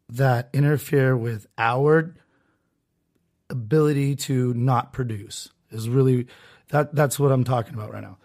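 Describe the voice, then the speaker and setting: Man, solo podcast host, rambling, sarcastic, mid-pitched voice, lots of restarts. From Southern California.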